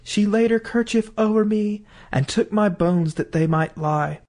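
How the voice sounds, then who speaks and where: A man's voice: high-pitched, a little slow, darkish tone, voice pushed up. A man voicing a magical songbird, a murdered boy reborn, chanting its lament in a lilting singsong. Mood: eerie singsong.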